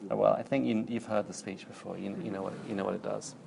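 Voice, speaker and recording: A man's voice: lowish voice, flat delivery, fast, gravelly, noisy background. A man giving a recorded university lecture, explaining while he demonstrates on screen and thinks aloud.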